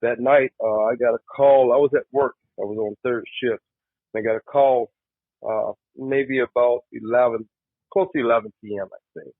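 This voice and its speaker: Husky man on a tinny line. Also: medium pitch, fairly even intonation, moderate pace, dry recording. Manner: hesitant, many "uh"s. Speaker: interviewee, uncle of the missing man. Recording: tinny phone-like line, dry.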